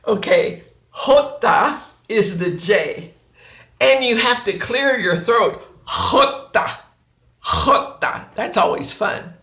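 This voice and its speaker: Slow, bright-voiced woman teaching. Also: medium pitch. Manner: deliberate, drawn-out, demonstrating sounds. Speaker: Spanish teacher. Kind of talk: slow, patient classroom instruction. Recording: echoey room.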